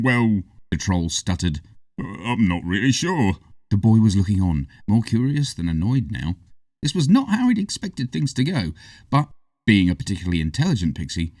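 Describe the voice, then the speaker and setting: A man reading a children's story aloud in an expressive, animated way, heard from a distance. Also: lowish voice, dry recording. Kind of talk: storybook narration. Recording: distant, dry.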